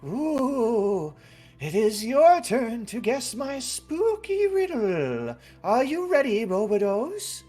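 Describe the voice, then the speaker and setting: A woman's voice: fairly high pitch, big pitch swings, takes it slowly, mellow, soft background music, pitched above the performer's own voice, exaggerated voice. A woman voicing a small sheet-covered ghost that asks spooky riddles in a sing-song tease. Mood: teasing.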